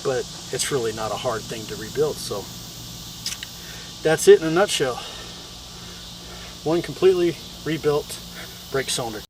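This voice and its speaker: A man's voice: mid-range voice, normal speed, long pauses, background noise. Man explaining a repair from a distance. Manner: relaxed and plain-spoken, with fillers. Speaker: DIY video host. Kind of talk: casual how-to explanation. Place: outdoors on a hot evening.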